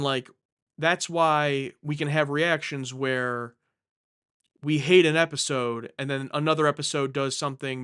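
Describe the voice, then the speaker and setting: A man's voice: a little high, a bit bright, clear, resonant tone. A young man casually hosting a live stream from home, answering viewer questions in a rambling, jokey way, often correcting himself mid-sentence.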